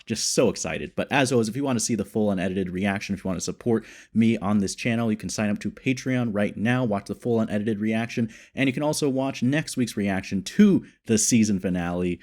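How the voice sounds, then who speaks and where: Excited man reacting with a low voice. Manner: excited, thinking aloud. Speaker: reaction video host. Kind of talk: casual reaction commentary.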